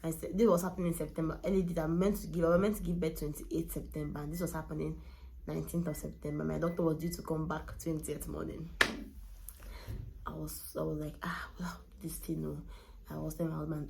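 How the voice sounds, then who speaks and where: Young woman vlogger, low gravelly voice, chatty and animated. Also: fast, slight background noise. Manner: animated, laughs often, drops to a hushed tone on sad parts. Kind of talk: casual storytelling to camera.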